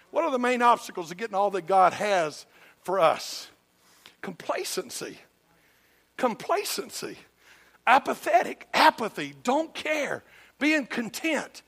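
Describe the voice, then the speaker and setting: A man's voice: sits high, big pitch swings, normal speed, vocal fry, a bit bright. An older man from Georgia with a Southern accent, preaching a sermon in a folksy, emphatic storytelling manner with humor. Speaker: pastor.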